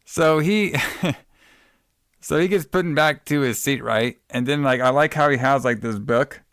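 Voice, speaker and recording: A man's voice: mid-range voice, measured pace, a bit bright, dry recording, studio quality. A man co-hosting a podcast, recapping a movie in rambling casual chat, cursing, laughing and saying bro. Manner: rambling, profane, laughs often, calls people bro. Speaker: podcast co-host.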